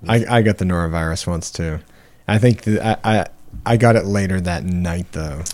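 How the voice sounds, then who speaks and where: A man co-hosting a casual chat, reading out statistics in a relaxed, hesitant way. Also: low-pitched, normal speed.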